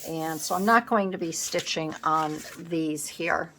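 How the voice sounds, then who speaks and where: With a camera propped on her work table, a scrapbooking vlogger muses aloud casually as she crafts at home. She speaks in a low, slightly bright voice at a measured pace, against slight background noise.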